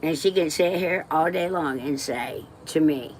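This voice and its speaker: A woman's voice: sits low, measured pace, hardly any pauses, a little mellow, a little hiss or hum. Blunt woman telling stories. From West Texas. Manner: blunt and emotional, swears freely, drifts off topic. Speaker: livestreamer. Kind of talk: rambling personal storytelling.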